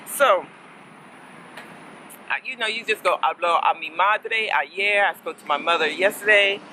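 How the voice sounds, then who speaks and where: Bright, chatty woman teaching beginners. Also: medium pitch, unhurried, a little hiss or hum, rough recording. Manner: chatty and playful, laughs often, mixes in Spanish words. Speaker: language learner teaching Spanish. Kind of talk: casual vlog lesson.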